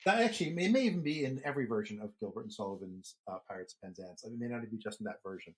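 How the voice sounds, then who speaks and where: A man's voice: fairly low pitch, expressive, racing. A middle-aged man co-hosting a podcast, telling long, rambling stories in casual chat with the odd swear word. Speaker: podcast co-host.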